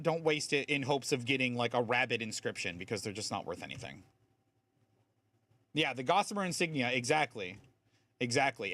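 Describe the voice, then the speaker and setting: A man's voice: fairly high pitch, a bit bright, dry recording. A man streaming a game, explaining game mechanics in a chatty way with lots of fillers. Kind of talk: casual live-stream commentary.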